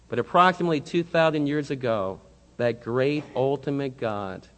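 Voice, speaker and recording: A male pastor with a medium-pitched voice preaches a sermon in church, his impassioned delivery swinging between quiet and loud. The recording carries a long hall reverb.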